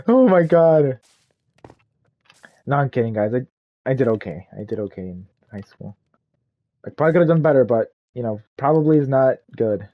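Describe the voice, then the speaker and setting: While playing a game, a young gaming YouTuber casually tells a rambling, profane, self-deprecating story. He speaks fairly quickly at medium pitch, and the audio is dull.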